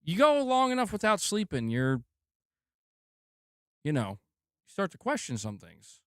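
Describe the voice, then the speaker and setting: A man's voice: sits high, wildly swooping pitch, a little slow, smooth, dry recording, clean studio sound. A man hosting a gaming channel in a casual livestream chat, laid-back, swearing and laughing often, with a sore throat.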